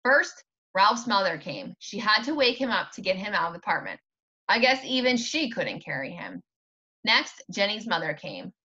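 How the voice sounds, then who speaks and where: A woman teacher reads a children's chapter book aloud, her pitch lively and expressive. The voice is bright and sharp, heard through a dull, lo-fi recording. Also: moderate pace, slightly rough. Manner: expressive storytelling.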